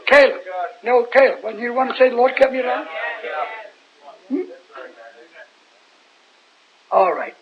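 In a dull, lo-fi recording with crowd noise, a man with a very high voice delivers a loose, rambling Bible sermon in a folksy style. He talks a little fast and keeps pausing to ask his listeners questions.

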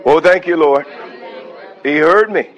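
A man's voice: on the high side, a little slow, a crowd in the background, rough recording. A man preaching a sermon, breaking into calls of praise and reading a hymn aloud.

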